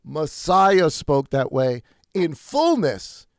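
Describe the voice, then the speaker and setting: Animated preaching man, lively pitch. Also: dry recording, clean studio sound. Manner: animated, emphatic preaching with stretched words and quick asides. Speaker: pastor. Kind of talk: sermon. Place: church.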